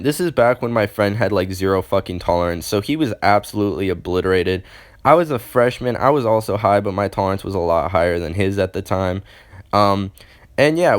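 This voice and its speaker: A young man in his late teens telling a story casually to camera, rambling and swearing freely. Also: fairly low pitch. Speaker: storytime vlogger.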